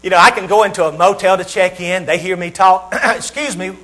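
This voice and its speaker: A preacher from the Southern United States, with a high, bright voice and fairly even intonation, delivers a sermon. He poses question after question to his listeners, leaving a dramatic pause after each. A faint mains hum runs beneath the recording.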